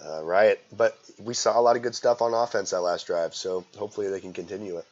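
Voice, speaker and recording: A man's voice: lowish voice, quick pace, slight background noise. A man doing casual, joking commentary on a game, talking in a rambling, easygoing way. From rural US. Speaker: play-by-play commentator. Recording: dull lo-fi audio.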